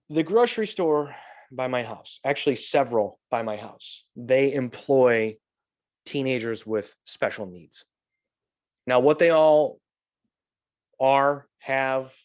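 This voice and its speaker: Animated, swearing male podcast host. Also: mid-range voice. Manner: animated storyteller, swears freely, acts out quotes. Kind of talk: casual podcast chat.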